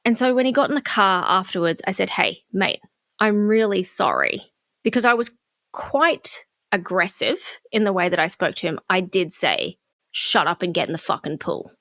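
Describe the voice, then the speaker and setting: A woman's voice: medium pitch, animated, normal speed, a bit bright, dry recording, clean studio sound. A middle-aged woman co-hosting a podcast, candidly telling a personal story in casual chat. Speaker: podcast co-host.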